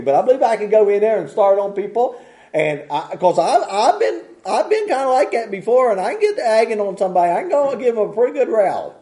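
A man preaching with a very high, lively voice that rises and falls a great deal. His tone is dark and mellow rather than bright. He rambles in a folksy way, restarting his sentences and chuckling between points. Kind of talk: sermon.

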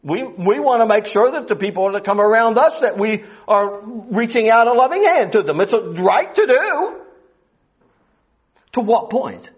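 A man delivers a folksy sermon in a strikingly high voice that rises and falls widely. He grows fervent as he presses his point. The recording is dull and lo-fi. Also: lively intonation, normal speed. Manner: folksy, rising into fervent preaching. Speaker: preacher.

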